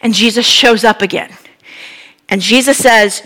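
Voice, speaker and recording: A woman preaches with a bright, fairly high voice. She retells the story in a lively, conversational way and breaks in with asides to the listener. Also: a little slow. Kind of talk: sermon retelling a Bible story.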